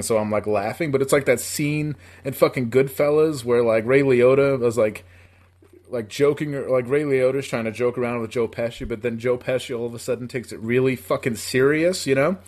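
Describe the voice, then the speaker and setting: A man's voice: medium pitch, a little mellow. Profane rambling male storyteller. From upstate New York. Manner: profane, rambling, laughs while telling. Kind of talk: casual storytelling.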